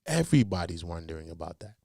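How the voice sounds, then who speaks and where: A man with a Los Angeles accent giving casual, animated commentary, joking in heavy street slang and turning low and serious when explaining. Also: fast, vocal fry, no room sound, studio quality.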